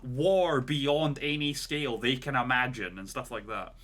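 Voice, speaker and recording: A male podcast co-host telling a long story in loose, casual chat. His voice is bright and forceful, in a middle pitch range. He rambles and leans on fillers like "like" and "right?". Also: unhurried.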